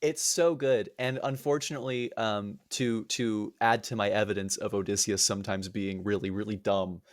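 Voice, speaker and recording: A man hosting a podcast, retelling a myth in an animated, profane, comedic way. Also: on the low side, normal speed. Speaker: podcast host.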